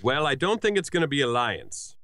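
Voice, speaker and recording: A man's voice: mid-range voice, sing-song, fairly quick, a bit bright, no room sound, studio quality. Enthusiastic man chiming in briefly. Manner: enthusiastic short remarks. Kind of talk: casual gaming podcast chat.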